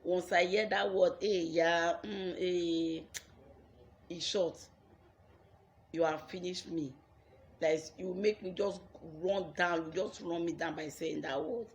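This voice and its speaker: A woman's voice: fairly low pitch, steady tone, moderate pace. A young Nigerian woman with a Nigerian accent telling her own life story on her vlog, earnest and repeating phrases for emphasis.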